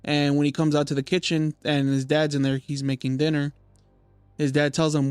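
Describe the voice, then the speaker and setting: A man's voice: on the high side, level tone, normal speed, darkish tone, clean tone, dry recording. Casual young man telling a spooky story. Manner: retells a story loosely, heavy filler and swearing. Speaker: podcast host.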